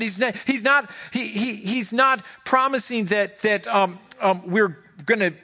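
Impassioned higher-voiced male pastor preaching. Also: measured pace, pushed and bright. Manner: impassioned, repeats phrases, voices God in quotes. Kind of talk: sermon.

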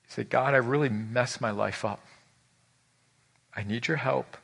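A man in his forties, a pastor, preaching a conversational sermon and acting out the people in his stories, moving from loud to hushed. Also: medium pitch, a little slow, vocal fry, slightly rough. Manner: acts out quoted voices in his stories.

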